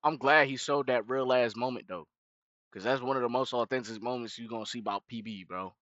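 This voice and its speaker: A man's voice: medium pitch, brisk, fairly bright tone, no echo, highs cut off. Blunt, profane young man reacting. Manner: emphatic, preachy, repeats "bro" and "gang". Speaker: reaction streamer.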